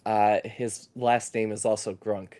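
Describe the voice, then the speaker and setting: A man's voice: fairly low pitch, flat delivery, measured pace, a little mellow, clear, resonant tone, no room sound. A man in casual chat, reading out chat jokes and giggling through them. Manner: giggly, laughs through his own readings.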